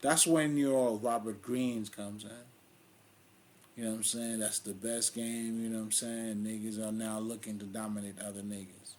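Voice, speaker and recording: A man's voice: on the low side, level tone, moderate pace, a little mellow, a little hiss or hum. A man with a Haitian accent hosting a casual spiritual monologue, blunt, streetwise and heavy on swearing. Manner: blunt, profane, streetwise and emphatic. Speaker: spiritual video host.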